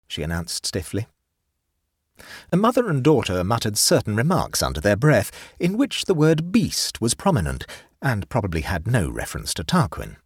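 A man narrating a story in a dry, wry, measured way, recorded close to the mic. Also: on the low side, wildly swooping pitch, husky, no room sound.

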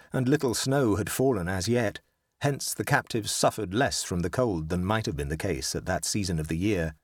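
A man narrating a story in a measured storytelling delivery. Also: fairly low pitch, dry recording, clean studio sound. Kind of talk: scripted narration.

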